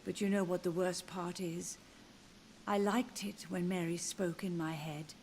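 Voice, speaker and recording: An actress voicing a grieving elderly mother who softly insists her living son is a ghost, in video game dialogue. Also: on the low side, steady tone, a little slow. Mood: mournful. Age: older. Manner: soft, tender, wistful. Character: grieving elderly mother, gently deluded, haunted. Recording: game audio with loud music behind.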